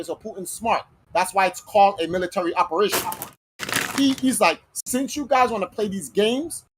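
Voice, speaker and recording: A podcast host with a mid-range, slightly bright, husky voice argues a point in casual chat. She's heated, blunt and profane, swearing plenty, and the recording is rough.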